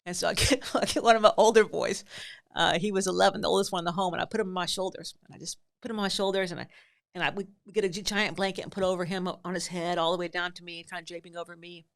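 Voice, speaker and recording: A woman hosting a podcast, telling a funny story in an animated way, acting out voices and often breaking into laughter. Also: lowish voice, quick pace, gravelly. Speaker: podcast host and mother. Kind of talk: comic storytelling.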